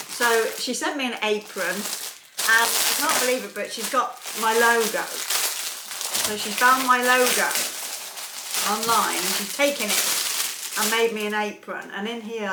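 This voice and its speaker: A woman's voice: medium pitch, roomy sound, heavy background noise. A woman vlogging as she unboxes a gift, chatting casually, gushing and laughing often. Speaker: soap maker vlogger.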